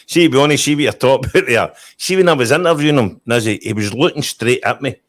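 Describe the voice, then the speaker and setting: A man's voice: medium pitch, expressive, fast. A Scottish man hosting a podcast, retelling stories in casual chat with frequent "right?" tags. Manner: chatty, tag questions like "right?". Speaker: podcast host.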